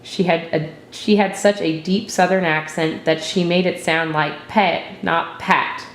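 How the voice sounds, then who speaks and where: Low-voiced woman reading a story aloud. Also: steady tone, a little slow, reverberant. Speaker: narrator.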